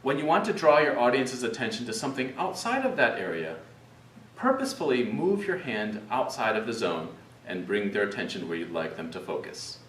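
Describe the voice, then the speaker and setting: A man presenting a video lesson on public speaking, demonstrating gestures and vocal pitch as he explains. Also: big pitch swings, fairly quick, a bit bright, a little hiss or hum. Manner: demonstrative, shifts pitch for examples. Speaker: presentation skills instructor. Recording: roomy, distant mic, faint ambience.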